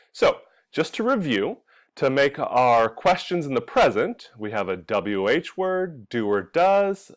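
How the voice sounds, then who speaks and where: A young man from California teaching English pronunciation, talking slowly and clearly and drawing out the example sounds. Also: mid-range voice. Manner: drawn-out, exaggerated sounds when modeling examples.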